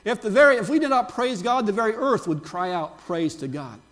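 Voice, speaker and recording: An older man, a pastor, giving a Palm Sunday sermon, with animated preaching and chatty asides to his congregation. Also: sits high, a little fast.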